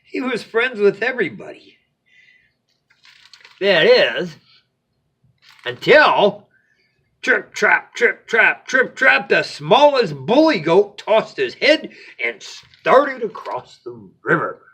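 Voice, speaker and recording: A man hosting a bedtime story show, reading a children's story in a playful, animated way. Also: sits high, takes it slowly, long pauses, slightly rough.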